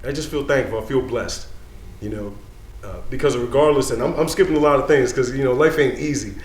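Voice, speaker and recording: A man's voice: mid-range voice, brisk, reverberant. A man in his thirties, a dean of students, telling a personal story live in a casual, streetwise way, full of "you know".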